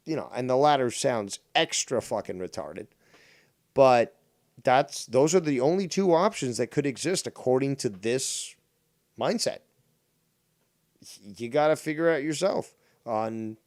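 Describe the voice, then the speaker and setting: A man's voice: mid-range voice, darkish tone. A man hosting a call-in livestream, with a sarcastic and mocking edge to everything he says. He swears freely. His voice sits in a middle range and sounds dry and close, with no room echo. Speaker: stream host. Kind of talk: casual call-in stream banter.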